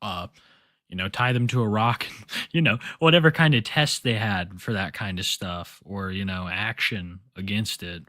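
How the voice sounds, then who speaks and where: A man's voice: on the low side, moderate pace, pushed and bright, dry recording, clean studio sound. A man streaming live, giving crude, rambling, mocking commentary to his chat. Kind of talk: casual chat to stream viewers.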